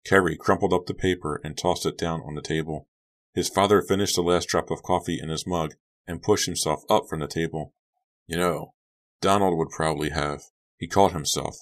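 A man narrating an audiobook in an even, measured storytelling voice. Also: low voice.

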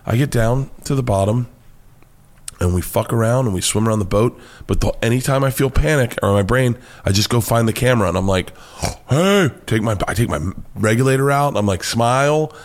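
American male comedian, animated storyteller, swears freely, jumps into high-voiced impressions. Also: a little fast. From United States. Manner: excitable, swears freely, acts out quotes in a high voice. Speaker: guest comedian.

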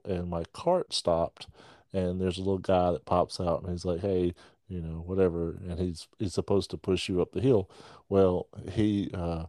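A man's voice: low voice, dark tone, no echo, clean studio sound. A man hosting a podcast, telling rambling jokey stories and laughing often. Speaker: podcast host. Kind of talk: casual podcast banter.

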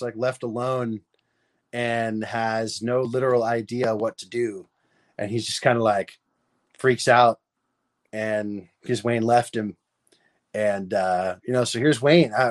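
A young man guesting on a casual movie livestream, easygoing and joking, often laughing and calling people dude and man. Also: mid-range voice. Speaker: guest co-host.

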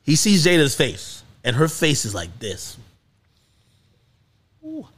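A man hosting a podcast, telling a story in casual chat with lots of swearing and excited peaks. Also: mid-range voice, moderate pace. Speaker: podcast host.

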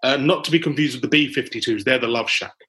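A man's voice: medium pitch, fast, sharp tone. A man hosting a casual football podcast over a call, jokey and full of banter and fillers. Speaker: podcast host. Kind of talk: casual chat. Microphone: call recording.

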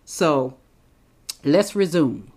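A woman's voice: sits low, drawn-out words, darkish tone. A woman preaching a sermon in an emphatic, conversational way, repeating points for stress.

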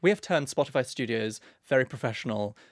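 A man's voice: mid-range voice, expressive, no room sound. Camp, theatrical man in a dry studio. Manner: camp, theatrical, quick with innuendo. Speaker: podcast co-host. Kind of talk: camp, bantering casual chat. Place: podcast studio.

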